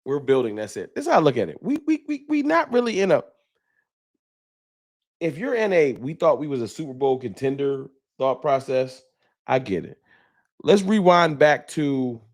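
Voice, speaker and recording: A man hosting a casual sports fan livestream talks in a loose, slangy way into a streaming mic. His voice sits at a middle pitch, and he moves easily between banter and reading viewer donations aloud. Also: very animated, moderate pace. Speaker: fan talk show host.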